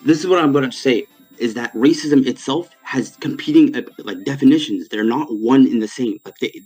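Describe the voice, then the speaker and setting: Husky man arguing earnestly on a call. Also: medium pitch, normal speed, a little mellow, soft background music, poor audio. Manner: talks in earnest, at length, with frequent restarts, then mocks and laughs at the host. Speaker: caller, a viewer arguing on the stream. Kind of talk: heated online debate.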